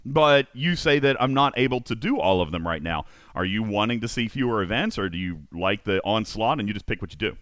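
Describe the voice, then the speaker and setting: A man's voice: on the low side, lively intonation, brisk, hardly any pauses, fairly bright tone, no room sound, studio quality. A man hosting a podcast, reading comedic news bits and chatting, often laughing through his own jokes. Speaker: podcast host.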